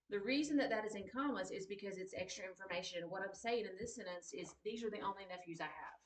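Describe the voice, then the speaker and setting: A woman's voice: mid-range voice, fast talker, hardly any pauses, a little hiss or hum. A woman teaching a writing class, patiently repeating key points and checking that her students understand. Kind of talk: classroom grammar lesson. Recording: roomy echo, distant mic.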